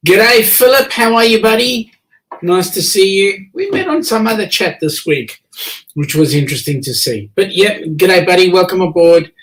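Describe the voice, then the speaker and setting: A man's voice: sits high, lively intonation, normal speed, a bit bright, low-quality recording. A man with an Australian accent hosting a casual online chat show, joking and teasing his guests as he reads the chat. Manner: jokey, chatty, teasing guests. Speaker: host.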